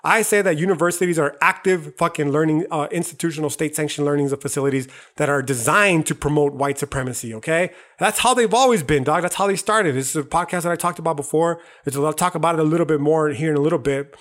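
A young man on a podcast, raging through a heated monologue that is thick with swearing and "dog". His voice sits a little high for a man. He comes from the United States. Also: quick pace, hardly any pauses, fairly bright tone. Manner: heated, profane, calls listener "dog". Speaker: podcast host. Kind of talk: profane, impassioned monologue.

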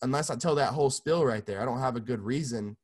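A man's voice: medium pitch, quick pace. Young male guest, casual storyteller, swears freely, restarts sentences, mid-range voice. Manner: loose and profane, many restarts. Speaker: music producer guest.

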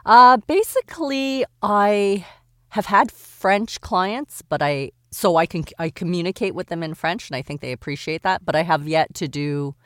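A woman's voice: lowish voice, animated, moderate pace, no echo, studio quality. A woman from Canada, a voice actor guest, chatting casually and laughing easily as she explains things. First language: English. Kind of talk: casual interview chat.

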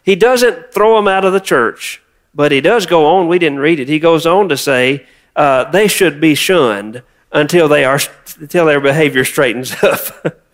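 A man's voice: fairly high pitch, normal speed. A man preaching a sermon, reading scripture and prompting the congregation to repeat words. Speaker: pastor.

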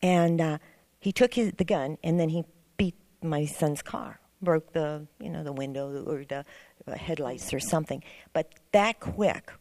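In a church class, a middle-aged class member gives an earnest, meandering testimony, often starting over. She speaks a little slowly in a low, darkish voice, and the recording has no room sound.

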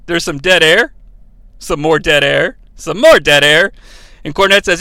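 A man's voice: high voice, measured pace, sharp tone, no echo. A man hosting a podcast, recapping an old broadcast in a casual way with wry, chuckling asides to his listeners. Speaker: podcast host.

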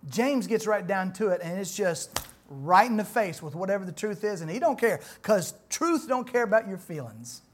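A middle-aged man preaching a sermon, dropping his voice low and then rising to loud rhetorical questions. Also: big pitch swings, normal speed, a little hiss or hum. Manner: dramatic swings from soft to loud, rhetorical questions.

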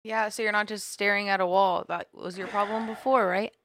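A woman's voice: mid-range voice, fairly even intonation, fairly quick, a bit bright, no room sound, clean studio sound. A woman joining a casual podcast chat, telling amused stories.

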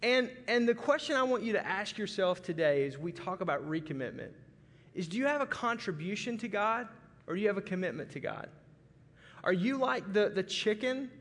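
An Arkansas pastor preaches a folksy, conversational sermon, frequently restarting his lines. His voice is high-pitched and a bit bright, and a long hall reverb surrounds it.

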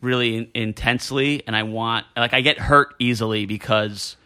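A man telling animated stories from his school days in casual chat, with many fillers and restarts. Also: mid-range voice, moderate pace, clear, resonant tone. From New Jersey.

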